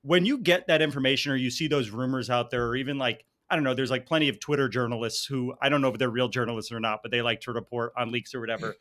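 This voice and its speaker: A man's voice: mid-range voice, steady tone, quick pace, few pauses, a bit bright. A man hosting a casual podcast interview, asking long, rambling questions with jokes and frequent laughs. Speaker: podcast host.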